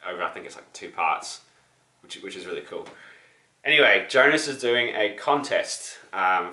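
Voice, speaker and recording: Young man, slightly sick voice, rambling vlogger, bright tone in an echoey room. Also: low-pitched. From New Zealand. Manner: rambling, many ums and restarts. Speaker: record-collecting vlogger. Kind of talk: casual vlog to camera. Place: apartment.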